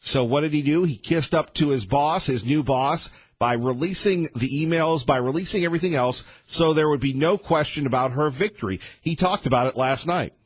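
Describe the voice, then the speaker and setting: A man hosting a morning talk radio show, delivering rapid-fire sarcastic opinions. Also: a little high, breathy edge, dry recording. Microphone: studio microphone.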